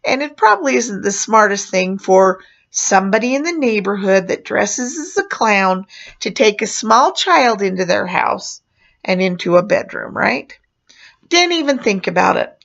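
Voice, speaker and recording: Gravelly woman telling a clown memoir. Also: mid-range voice, big pitch swings, normal speed, fairly bright tone. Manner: chatty, with fillers and small laughs. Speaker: storyteller, former clown performer. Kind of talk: casual spoken memoir. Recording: muffled lo-fi recording.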